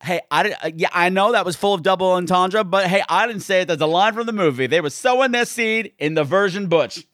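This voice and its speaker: A man's voice: high-pitched, a little fast, few pauses, a bit bright, no echo, studio quality. A man hosting a comedic movie recap, campy and playful, full of innuendo and asides. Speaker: podcast host.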